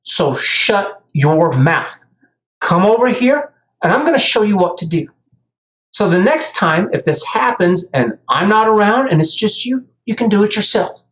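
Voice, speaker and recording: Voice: medium pitch, very animated, measured pace. A commentator delivering a heated ranting monologue, often stammering and restarting words. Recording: echoey room.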